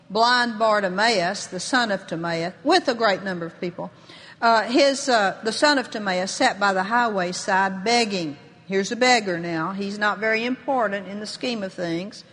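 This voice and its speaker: Bright-voiced woman preaching in a hall. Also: on the high side. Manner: bold, rising into emphatic proclamation. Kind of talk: sermon. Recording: long reverb of a large hall.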